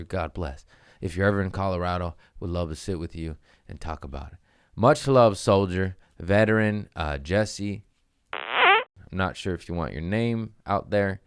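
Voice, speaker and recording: A man's voice: low-pitched, clean tone, dry recording, clean studio sound. A man hosting a casual comedy podcast, reading listener messages and swearing freely as he acts out the people in his stories. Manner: profane, jumps into goofy voices for quoted people.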